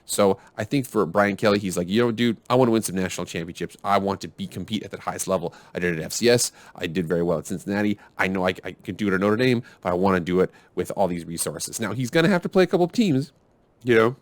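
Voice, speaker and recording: A man's voice: low-pitched, fast talker, no echo. A man hosting a casual sports commentary video, rambling and arguing back and forth with himself. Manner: rambling, self-arguing, restarts often.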